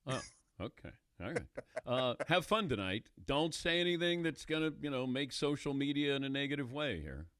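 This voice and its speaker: A man's voice: medium pitch, lively intonation, normal speed, a bit bright, no room sound. Dry, teasing man hosting sports talk. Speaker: sports talk show host.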